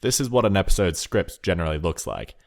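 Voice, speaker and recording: A man giving calm, matter-of-fact scripted narration. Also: low-pitched, fast talker.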